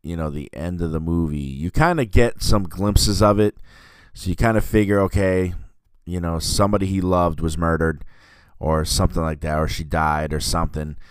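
In a low, clean-toned voice with no room sound, a podcast host chats loosely in a casual review of a movie. He wanders as he talks, leaning on filler words and correcting himself.

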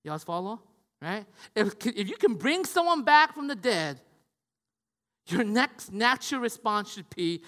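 A man preaching a sermon in a lively, conversational way, asking his listeners questions and swinging from loud to hushed. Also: high voice, unhurried. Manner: conversational, asks the audience questions. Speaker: pastor. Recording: long hall reverb.

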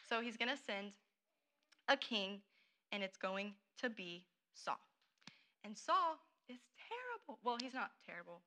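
Bright, chatty young woman teaching. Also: on the high side, animated, brisk. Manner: chatty and playful, many fillers and asides. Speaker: Bible school student presenter. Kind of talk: casual teaching talk.

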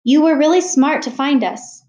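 A woman's voice: sits high, moderate pace, warm tone, pitched above the performer's own voice, natural voice. A woman reading as an earnest young boy. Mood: eager. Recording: roomy echo.

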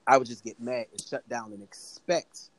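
A man talks in a relaxed, candid conversational way, often breaking into laughter. His voice sits in an ordinary middle range. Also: medium pitch, normal speed, slight background noise, poor audio. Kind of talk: casual conversation.

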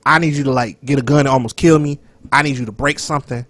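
A man co-hosting a casual podcast chat, loud and animated, profane, sometimes dropping to a whisper. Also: medium pitch, fast, no room sound. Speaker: podcast co-host.

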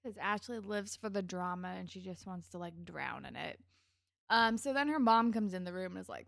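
A woman's voice: medium pitch, expressive, moderate pace, vocal fry, a bit bright, no room sound, clean studio sound. A woman co-hosting a casual TV recap podcast, chatty and giggly, acting out characters' lines as she retells scenes. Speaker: podcast co-host.

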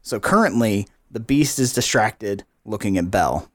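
A man's voice: lowish voice, animated, moderate pace, fairly bright tone, no room sound, clean studio sound. A man narrating as game master of a tabletop game, loose and chatty with fillers.

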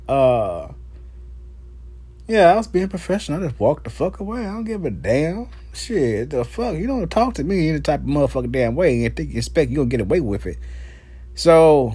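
A man hosting his own podcast, telling a rambling, profane story with lots of laughs and slow, drawn-out phrases. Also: fairly high pitch, a little mellow, breathy edge, no room sound. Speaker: podcast host. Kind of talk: casual solo podcast monologue.

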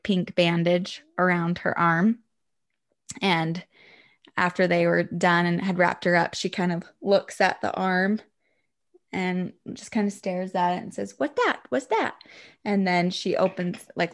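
A woman's voice: fairly low pitch, flat delivery, a little slow, gravelly. A woman in her thirties hosting a podcast, chatting casually and giggling along with her guests. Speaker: podcast host. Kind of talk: casual chat.

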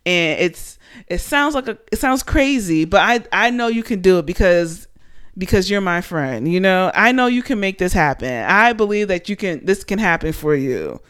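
A woman's voice: lowish voice, expressive, moderate pace, fairly bright tone, clear, resonant tone. A woman in her late twenties hosting a podcast, rambling casually and animatedly with lots of fillers. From Panama. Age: 20s. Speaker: podcast host.

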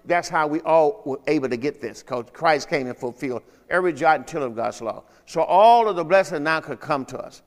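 A man's voice: on the high side, animated, a little fast, hardly any pauses, long reverb tail. A man preaching a sermon as pastor, emphatic and often checking that the congregation understands. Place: church service.

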